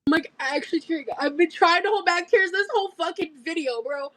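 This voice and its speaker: A woman's voice: very high-pitched, a little fast, fairly bright tone, dry recording, low-quality recording. A woman on a livestream, gushing emotionally over gifts as she opens them. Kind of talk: livestream unboxing talk.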